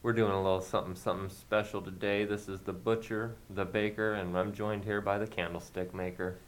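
Man, co-host, low voice, announcer-style intro, slightly hesitant. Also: level tone, fairly quick. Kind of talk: playful show intro.

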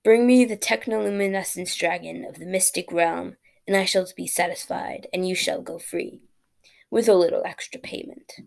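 A woman voicing a stern, money-loving male king with a deep, commanding delivery in a spoken storybook. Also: steady tone, normal speed, gravelly. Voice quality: deep, rich voice.

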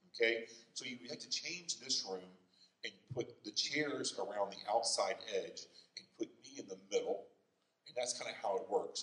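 A pastor with a fairly low voice preaches a conversational, animated sermon in a church sanctuary, often checking in with the congregation through "okay?" and "right?". He is recorded from a distance, so the sound is roomy.

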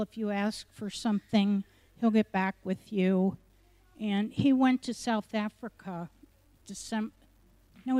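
Slow, mellow-voiced woman leading prayer. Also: mid-range voice. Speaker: church member leading prayer. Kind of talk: prayer request and spoken prayer.

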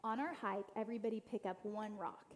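A woman's voice: medium pitch, fairly quick, slight background noise. A woman giving an inspirational church talk as a guest speaker, telling family stories and speaking straight to her listeners. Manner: storytelling, addresses the audience directly; acts out quoted family voices.

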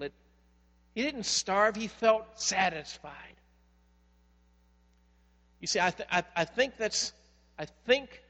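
In this sermon, a pastor whose voice sits high shares stories, alternating between forceful, stressed lines and quiet ones. The sound has a long hall reverb and a faint mains hum beneath it.

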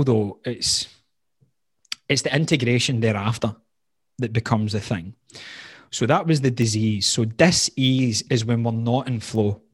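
Husky-voiced man telling his story. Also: medium pitch, dry recording, studio quality. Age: 30s. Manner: earnest and open, frequent "like" fillers. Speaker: guest, health coach. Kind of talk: candid storytelling in conversation.

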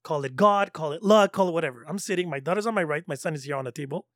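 Man, middle-aged, high voice, lively storyteller, swears and laughs, dry close sound. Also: very fast, dry recording. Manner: animated storyteller who laughs often and swears. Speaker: storytelling guest. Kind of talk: casual chat.

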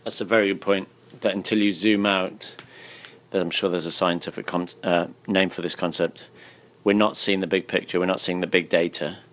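Tired male host, low-pitched, laid-back and blunt. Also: steady tone, normal speed, a bit bright. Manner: blunt, swears freely, laughs often. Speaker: podcast host. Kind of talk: casual interview chat. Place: hotel room.

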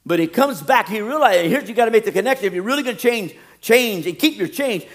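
A middle-aged man preaching a sermon as pastor, swinging from loud emphatic peaks to quiet low asides and jokes. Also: sing-song, a little fast.

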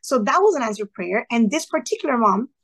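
A woman with a somewhat high voice tells stories casually as an interview guest. She is lively and acts out what people said, now and then dropping in a Spanish phrase. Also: fairly quick, husky. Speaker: podcast guest, retired teacher.

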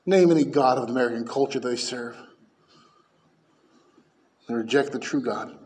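A man preaching a sermon as pastor, fervent and emphatic, dropping to hushed lines and rising to loud peaks. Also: mid-range voice, normal speed, a little hiss or hum.

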